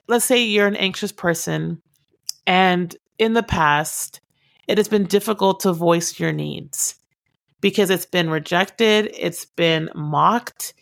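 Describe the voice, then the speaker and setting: Woman, relationship advice talk, direct and earnest, slight fry in her voice. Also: mid-range voice, fairly bright tone. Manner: direct, earnest, repeats key points for emphasis.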